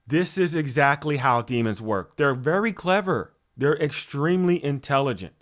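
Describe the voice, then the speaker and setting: A man delivers a motivational teaching talk with a slightly high voice. He sounds preachy and animated, leaning on rhetorical questions, stumbling restarts and sudden shifts between loud emphasis and softer asides. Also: normal speed. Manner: preachy, repeats words, many fillers and rhetorical questions. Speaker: spiritual coach.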